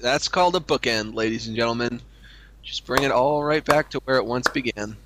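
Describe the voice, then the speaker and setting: A man's voice: mid-range voice, a little fast, background noise. A man co-hosting a crude comedy chat, speaking in a dry, mock-prim way with lots of hesitations. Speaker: co-host.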